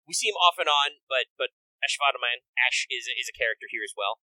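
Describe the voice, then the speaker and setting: Man, casual game chat, swearing, bright tone, dry sound. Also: medium pitch, no echo, rough recording. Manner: animated, swearing, does quick character voices. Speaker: podcast co-host.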